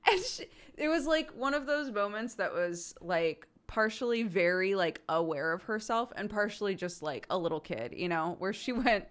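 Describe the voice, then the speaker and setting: A woman's voice: medium pitch, expressive, normal speed, few pauses, a bit bright, clean tone. A woman in her thirties streaming at home, telling a rambling anecdote to her chat with many fillers and acted quotes.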